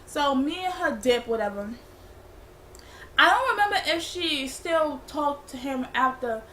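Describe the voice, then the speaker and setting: A woman's voice: sits high, bright, forceful tone, a little hiss or hum. A young woman telling a rambling, slangy storytime for her vlog. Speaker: vlogger. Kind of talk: casual storytime.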